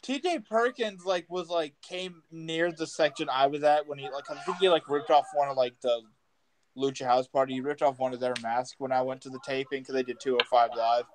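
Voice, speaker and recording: A man's voice: mid-range voice, a little fast. A man co-hosting a podcast, rambling casually with lots of fillers while reacting to a wrestling show. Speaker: podcast co-host. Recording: loud crowd noise from the show playing.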